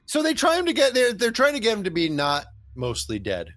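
An animated, high-voiced man co-hosts a casual movie-recap podcast. His pitch leaps all over as he rambles, and he swears freely. The sound is dry and close. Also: a little fast, no room sound. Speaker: podcast co-host. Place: Los Angeles.

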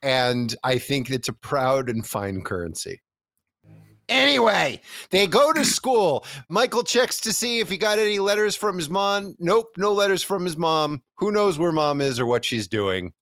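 A man's voice: a little high, big pitch swings, unhurried, fairly bright tone, no room sound. Jokey man recapping a movie. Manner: jokey, acts out characters in silly voices. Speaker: podcast co-host. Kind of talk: casual movie recap chat.

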